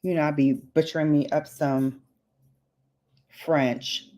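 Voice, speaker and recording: Slow-talking woman chatting through a makeup demo. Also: sits low, little pitch movement, a little mellow. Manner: chatty and playful, slangy asides. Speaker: beauty vlogger. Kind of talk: casual makeup demo chat.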